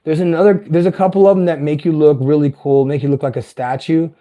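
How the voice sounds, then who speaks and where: A man in his fifties with a light tenor voice that is not deep, talking in a meandering, chatty vlog monologue that is peppered with profanity and self-corrections. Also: fairly even intonation, quick pace, warm tone, highs cut off. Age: 50s. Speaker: vlogger. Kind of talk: casual rambling monologue.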